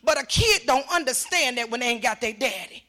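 An older woman giving emotional personal testimony as a mother, talking emphatically and repeating herself, her voice rising into shouts. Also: on the high side, animated, brisk.

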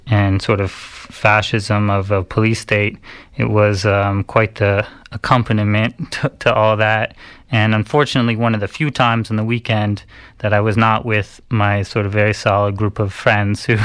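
A man, a radio host, telling a personal story in a halting way with many pauses and restarts. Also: on the low side, a bit bright, clean tone, dry recording.

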